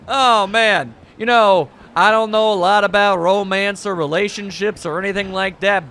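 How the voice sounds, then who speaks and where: Brief: high, animated male let's-play host, quick jokes, faint noise floor. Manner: wry, joking, animated. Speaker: gaming channel host.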